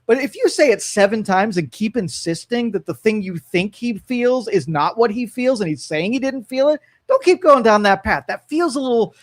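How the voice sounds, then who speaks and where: A man's voice: high-pitched, lively intonation, normal speed, hardly any pauses. A man hosting a casual talk show, giving advice and asking probing questions, often restarting his sentences. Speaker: host. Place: studio.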